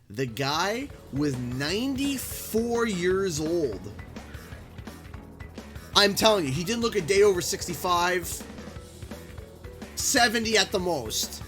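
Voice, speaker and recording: A young Canadian man live-streaming, telling a rambling, animated anecdote full of restarts. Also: a little high. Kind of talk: casual live-stream storytelling. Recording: game music playing underneath. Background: game music.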